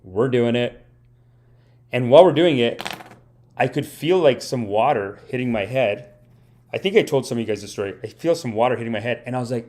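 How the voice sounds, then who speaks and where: A man's voice: medium pitch, fairly quick, darkish tone. A man hosting a live comedy podcast, telling stories in a rambling, mock-earnest style and praising himself. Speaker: podcast host. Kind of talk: comedic livestream monologue. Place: home streaming setup.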